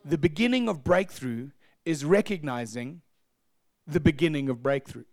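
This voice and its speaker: Male pastor, high voice, animated storyteller who acts out the scenes, dry close sound. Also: moderate pace, dry recording. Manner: animated storytelling, acting out shouts and laughter. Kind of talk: testimony sermon.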